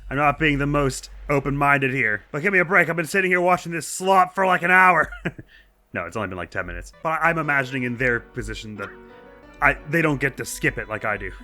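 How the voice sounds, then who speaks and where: A man's voice: on the high side, animated, fairly quick, bright, forceful tone, faint music behind. A young man talking through a video game in casual commentary, chatty and self-deprecating, laughing often at himself. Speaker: let's play host.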